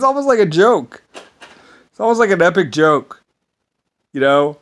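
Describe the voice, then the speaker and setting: A man's voice: sits high, sing-song, unhurried, low-quality recording. A man in a rambling, grandiose monologue to camera, swearing and laughing at himself. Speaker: vlogger.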